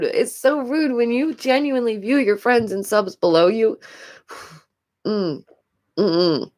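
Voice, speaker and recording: A woman's voice: mid-range voice, unhurried, a little mellow. A woman with a New York accent giving casual live-stream commentary as the host. She is chatty, repeats her phrases, giggles often and has a stuffy nose.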